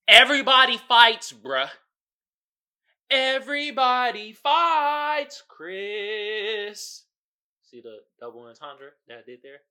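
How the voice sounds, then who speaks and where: A young man with a bright, high voice runs a casual podcast riff, his pitch leaping all over as he tells the story. His talk is thick with slang and fillers, and he drops from low mutters into loud, laughing outbursts. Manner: heavy slang and fillers, quotes others in character. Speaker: podcast host. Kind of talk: casual commentary.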